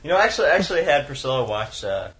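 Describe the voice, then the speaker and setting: A playful man banters with friends, his voice leaping from low mutters to squeaky highs. A loud, constant noise sits under the recording. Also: big pitch swings, very fast. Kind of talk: casual banter.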